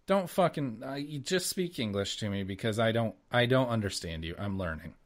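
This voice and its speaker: Uomo vivace che chiacchiera in un podcast. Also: male voice, fairly low pitch, normal speed. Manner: animated, swearing, laughs often. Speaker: podcast co-host. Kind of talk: casual chat.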